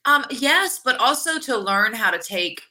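Frank woman with a sharp bright voice. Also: on the high side, lively intonation, unhurried. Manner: frank, rambling with many fillers. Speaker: guest, wrestler. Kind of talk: casual interview chat.

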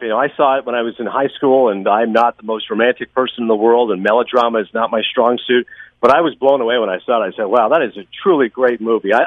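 A man talking about films on a podcast, fast and enthusiastic, with lots of opinions. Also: medium pitch, dry recording, narrow, tinny audio. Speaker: podcast guest, film critic. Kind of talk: casual podcast chat.

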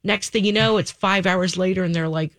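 A woman's voice: lowish voice, fairly even intonation, fairly bright tone, no echo. Practical woman co-host, dry close sound. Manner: measured, practical, backchannels often. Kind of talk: casual advice talk.

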